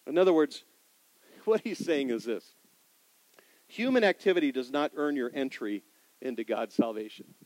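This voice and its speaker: A middle-aged man preaching in a church sanctuary, asking the congregation questions and swinging between loud emphasis and quiet asides. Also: mid-range voice, animated, normal speed, pauses often, no echo, rough recording. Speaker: pastor. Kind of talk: sermon.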